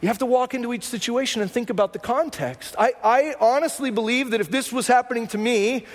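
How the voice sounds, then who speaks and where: A man's voice: very high voice, brisk. A middle-aged man preaching a sermon as pastor, telling stories in a chatty, self-mocking way. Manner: conversational storytelling with self-mocking humor. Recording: long church hall reverb.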